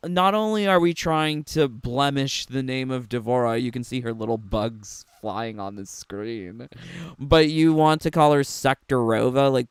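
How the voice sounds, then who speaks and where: A man's voice: medium pitch, smooth, no echo, studio quality. A man giving sarcastic, mocking reaction commentary on a game trailer, laughing often. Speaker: gaming commentator.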